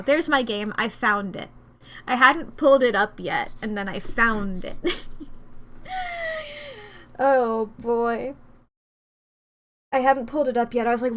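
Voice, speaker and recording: A woman's voice: fairly high pitch, expressive, measured pace, bright, forceful tone. A woman streamer chatting casually, rambling and correcting herself with frequent giggles. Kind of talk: casual chat.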